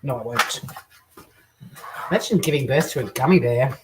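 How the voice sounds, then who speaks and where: An Australian woman with a low voice hosts a loose, chatty cooking stream, cracking crude jokes and replying to viewers. She sits back from the mic, and faint clinks of dishes and cutlery come through from her kitchen. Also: moderate pace, a little mellow, distant mic, a little hiss or hum. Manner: chatty, crude joking, reads out viewer comments. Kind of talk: casual live cooking chat. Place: home kitchen.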